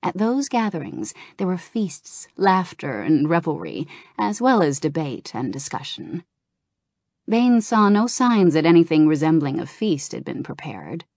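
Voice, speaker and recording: A woman narrating a fantasy novel aloud in a calm, steady reading voice. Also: low-pitched, unhurried, dry recording, clean studio sound. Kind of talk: audiobook narration of a game novel.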